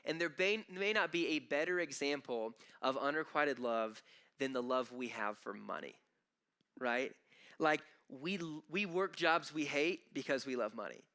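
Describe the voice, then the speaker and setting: A man's voice: medium pitch, animated, measured pace, pushed and bright. A man preaching a sermon as pastor, talking conversationally and emphatically, often restarting his phrases. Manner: conversational, emphatic, with frequent repeated starts. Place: church auditorium.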